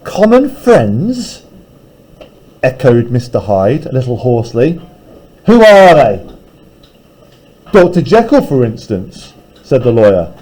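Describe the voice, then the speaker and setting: A man's voice: mid-range voice, very animated, measured pace, pauses often, mellow, a little hiss or hum, rough recording. A male teacher reading a novel aloud in a classroom and breaking off to explain it in casual terms. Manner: reads aloud, then paraphrases casually.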